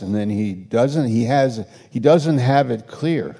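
A male preacher with a gravelly, mellow voice, delivering a sermon in a hall with long reverb. He reads scripture, tosses in sarcastic asides, and acts out both sides of imagined exchanges before building to emphatic declarations. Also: mid-range voice, expressive, takes it slowly, hardly any pauses. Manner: acts out imagined dialogue, mocking asides, rises to emphatic passages.

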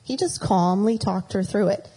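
A woman's voice: mid-range voice, normal speed, mellow, husky, low-quality recording. A middle-aged woman giving a chatty storytelling talk with a faith reflection, rambling and slipping into acted quotes.

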